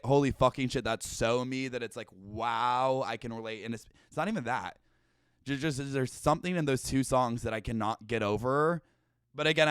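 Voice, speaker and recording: A man's voice: mid-range voice, smooth, no room sound, clean studio sound. Profane, rambling young man hosting a podcast. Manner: rambling, profane, filler-heavy with lots of "like". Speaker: podcast host. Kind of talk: casual comedic monologue.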